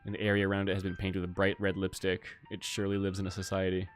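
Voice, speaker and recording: A man's voice: low-pitched, completely flat delivery, racing, soft background music. A man streaming a game, reading its text aloud in a casual, jokey way.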